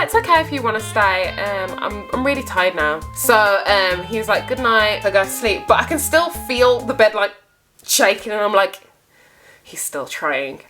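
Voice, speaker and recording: Young woman telling a storytime vlog, super animated, bright crisp voice a bit high, faint music behind. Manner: animated, exclaiming, laughing. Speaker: vlogger. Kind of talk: casual storytime.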